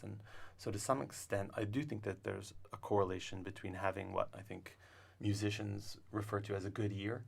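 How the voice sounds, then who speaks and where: Low gravelly guy chatting in a studio, kinda rambly and thoughtful. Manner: thoughtful, many restarts and fillers. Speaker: language instructor. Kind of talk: casual interview talk.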